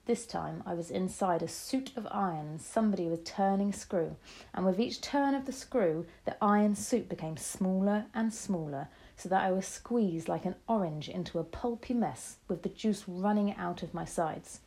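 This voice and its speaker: Woman narrator, first-person storybook, dramatic, mid pitch. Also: moderate pace. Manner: dramatic, expressive. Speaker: audiobook narrator.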